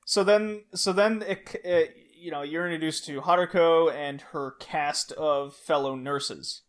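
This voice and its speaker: A man's voice: on the high side, measured pace. A man on a podcast, casually recapping an anime plot, laughing often and restarting his sentences. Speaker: podcast host. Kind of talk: casual chat.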